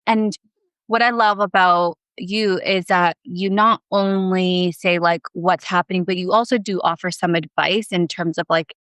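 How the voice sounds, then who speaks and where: Woman in her 30s chatting on a podcast, smooth clear voice, dry close sound, gets animated, says like a lot. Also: fairly low pitch, measured pace, no room sound. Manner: animated, emotional storytelling with many fillers. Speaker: podcast guest. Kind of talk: casual chat, personal story.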